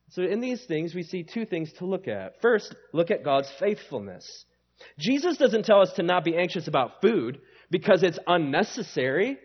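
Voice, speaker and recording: A man's voice: high voice, big pitch swings, moderate pace, breathy edge. A male pastor preaching a sermon in an emphatic, conversational way that leans on rhetorical questions, in a slightly dull recording.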